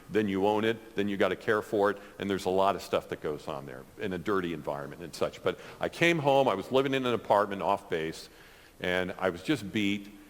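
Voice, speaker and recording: A man's voice: mid-range voice, fairly bright tone. A man in his sixties giving an unscripted personal testimony in church, talking conversationally with frequent fillers and restarts. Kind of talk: off-the-cuff spoken testimony. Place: church hall. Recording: long church-hall reverb.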